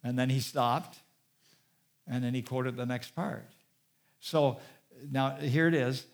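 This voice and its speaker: Man, middle-aged pastor, sermon delivery, slow stressed words, mid-pitched voice. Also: steady tone, creaky. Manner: stresses key words with slowed, drawn-out delivery.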